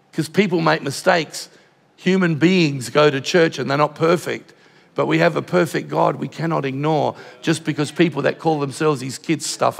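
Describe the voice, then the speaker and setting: A man's voice: sits high, creaky. An older man with an Australian accent preaching a passionate sermon as pastor of a church. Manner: passionate, drops to a hushed voice in tender moments. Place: large church auditorium. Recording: long hall reverb.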